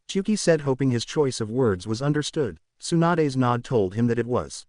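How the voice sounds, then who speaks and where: A man's voice: mid-range voice, lively intonation, normal speed, hardly any pauses, darkish tone, no echo, studio quality. A man narrating a fan fiction story aloud.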